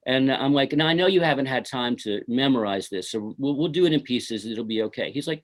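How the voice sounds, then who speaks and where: A middle-aged filmmaker, speaking in a mid-range voice at a brisk clip, tells stories from his film shoot during a casual interview. His telling rambles, packed with "you know" and "uh."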